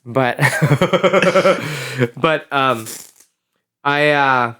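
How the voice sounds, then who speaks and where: A man guest on a podcast chatting casually, telling lively stories and slipping into character voices. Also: medium pitch, extremely slow. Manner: animated storyteller who drops into impressions. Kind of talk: casual chat.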